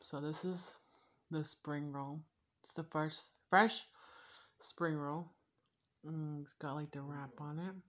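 Lady vlogger w a really low voice, rambly and cussing a lot while she eats. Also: steady tone, slow. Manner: rambling and profane, with frequent fillers. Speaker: YouTuber. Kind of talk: casual chat while eating on camera.

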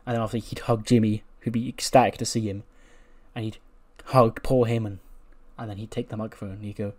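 A man narrates a wrestling simulation game in a relaxed, slangy way. He drops into quieter muttered asides as he talks. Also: lowish voice, a little fast. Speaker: game channel host.

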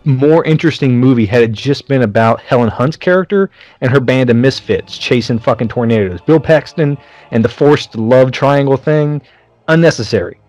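A man's voice: mid-range voice, normal speed, darkish tone, no echo. A man co-hosting a casual movie podcast, talking bluntly and sarcastically with plenty of swearing. His voice sits in the middle range and comes across close and dry, with no room around it. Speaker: podcast co-host. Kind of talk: casual movie-review chat.

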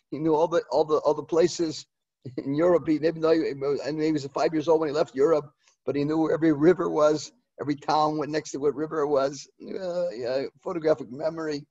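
Older rabbi, eulogy sermon; halting, repeats himself; slightly high voice, dull dry recording. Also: male voice, warm tone, husky, no echo. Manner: halting, repeats words, mixes in Hebrew and Yiddish terms. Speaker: rosh yeshiva giving a eulogy.

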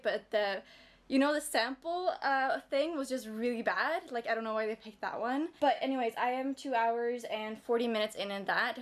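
A woman chatting casually in a book vlog, rambling and swearing now and then. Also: a little high. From Denmark. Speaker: book vlogger.

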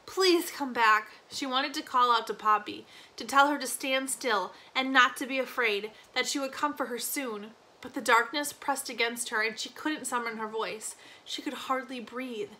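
A woman teacher reads a novel aloud with expressive pacing, lingering on key phrases. Her voice is somewhat high and notably bright. Small slips and restarts show it is read live. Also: moderate pace.

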